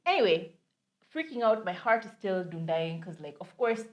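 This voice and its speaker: Animated Kenyan woman telling a story. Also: fairly low pitch, moderate pace. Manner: animated storyteller, mixes English with Swahili slang. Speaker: podcast co-host. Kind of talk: casual storytelling chat.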